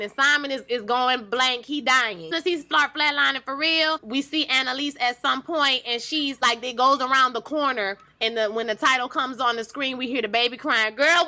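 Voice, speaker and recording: A young woman chatting casually to her viewers as she recaps a TV episode, animated and emphatic. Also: high-pitched. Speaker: TV recap vlogger.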